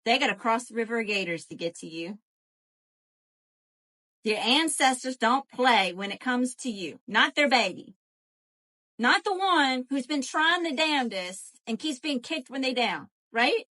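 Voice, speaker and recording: A woman doing a live tarot reading, animated and profane, calling to her viewers as y'all. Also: a little high, unhurried. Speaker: tarot reader.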